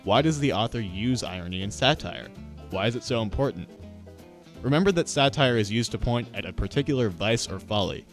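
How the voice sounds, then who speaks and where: A man teaching a literature lesson in a scripted narration, explaining clearly and speaking directly to students. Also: on the low side, lively intonation, a little fast, soft background music.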